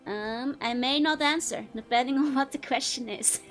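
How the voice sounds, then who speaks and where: A woman's voice: high-pitched, a little slow, soft background music. A young woman streamer chatting casually with viewers, giggling often between phrases.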